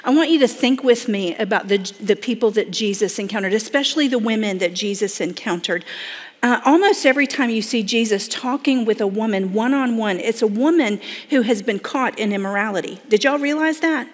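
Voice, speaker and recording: A pregnancy center director from Florida gives a folksy church talk in a Southern accent, speaking straight to the audience with lots of "y'all." Her voice is on the high side and a little fast, with a big-room sound.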